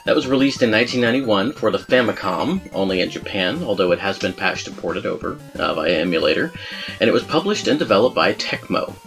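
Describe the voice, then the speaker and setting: A man with a fairly low voice chats loosely about old game soundtracks, trailing off and chuckling at himself. Faint music sits under the talk. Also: lively intonation, fairly quick, a bit bright. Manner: rambling, chuckling, self-deprecating. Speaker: podcast host. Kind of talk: casual podcast chat about game music.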